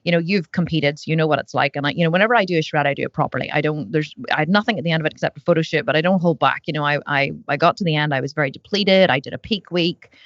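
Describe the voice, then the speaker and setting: Fast-talking, rambling woman podcast host. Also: deep voice, no echo, dull audio. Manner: rambling, fast and chatty, full of fillers. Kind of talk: casual podcast chat.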